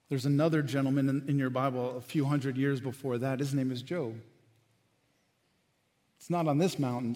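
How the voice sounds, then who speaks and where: A man preaching a sermon as pastor, animated, acting out quotes and dropping to quiet lines. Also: medium pitch, long reverb tail.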